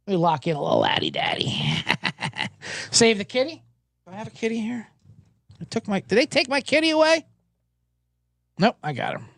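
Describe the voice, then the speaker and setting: Lively man hosting betting talk. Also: sits high, gravelly, dry recording, clean studio sound. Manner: animated storyteller, doing quick voices in anecdotes. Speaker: sports betting show host. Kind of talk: casual sports betting talk.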